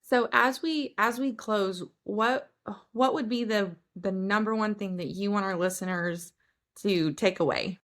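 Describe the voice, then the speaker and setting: A woman hosting a podcast, speaking in an encouraging, enthusiastic way and talking warmly about faith in casual conversation. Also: medium pitch, measured pace. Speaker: podcast host. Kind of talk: faith-centered casual chat.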